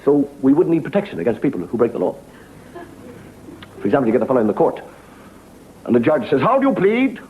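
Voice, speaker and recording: A man's voice: medium pitch, animated, fast talker, pauses often. A man doing a stand-up monologue as comedian and host, telling stories with wry asides and punchlines. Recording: dull, noisy old TV audio.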